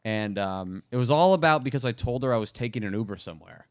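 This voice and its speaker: A man co-hosting a podcast, telling casual stories with animated delivery and acting out other people's voices. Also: medium pitch, fast talker, smooth, no room sound, clean studio sound. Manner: animated storyteller, acts out quoted voices. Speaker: podcast co-host. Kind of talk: casual storytelling chat.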